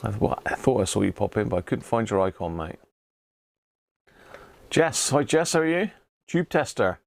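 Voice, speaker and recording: Gravelly British man chatting on a live stream. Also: lowish voice, sing-song, normal speed, no room sound. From Britain. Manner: chatty, greets viewers by name, chuckles often. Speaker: live-stream host, radio restorer. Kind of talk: casual live-stream chat.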